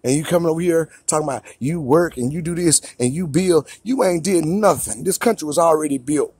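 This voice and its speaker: Husky, slightly high-pitched man from the US, ranting in a dry room, confrontational and repetitive. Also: a little fast, a little mellow, no echo. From United States. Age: adult father of a young son. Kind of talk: ranting monologue to camera.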